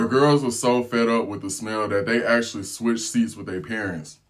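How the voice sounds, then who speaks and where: A man telling a storytime vlog in a casual, slangy way. He tells it with animated energy and breaks into laughter. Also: mid-range voice, normal speed, hardly any pauses. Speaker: travel vlogger.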